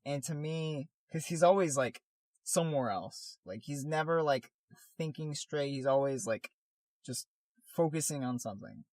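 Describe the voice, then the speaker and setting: A man's voice: a little high, moderate pace, a little mellow, no room sound. A man co-hosting a podcast in casual chat, rambling with lots of "like" and restarts as he gathers his thoughts. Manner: rambling, many fillers and restarts. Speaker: podcast co-host, artist.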